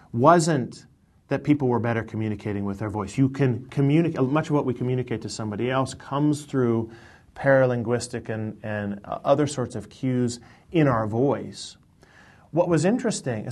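Man, radio guest, professor, mid-pitched voice, thoughtful explanations, everyday examples. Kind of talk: explanatory interview talk. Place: in Chicago.

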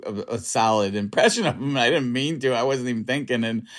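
A middle-aged male comedian talking casually in a radio interview, halting, full of restarts and "you know", soft and reflective. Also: mid-range voice, animated. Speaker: comedian guest.

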